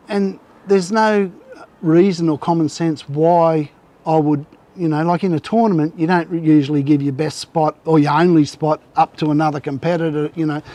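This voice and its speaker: A man's voice: a little high, mellow. A man telling fishing stories in casual, rambling talk, with many restarts. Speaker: guest angler. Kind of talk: casual storytelling on a live show.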